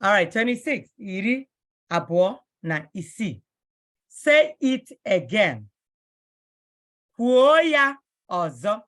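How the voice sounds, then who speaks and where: A woman leads a language lesson at a very unhurried pace. She repeats each phrase patiently, spacing the words out so learners can follow. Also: medium pitch, sing-song. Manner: patient, drills each word several times. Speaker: Igbo language teacher. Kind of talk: slow, repetitive vocabulary lesson.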